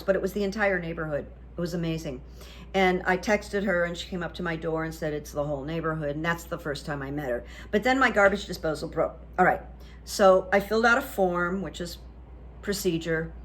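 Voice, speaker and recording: Woman host, casual self-deprecating storyteller, slightly low voice, light background hiss. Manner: chatty, self-deprecating, with many fillers and acted-out quotes.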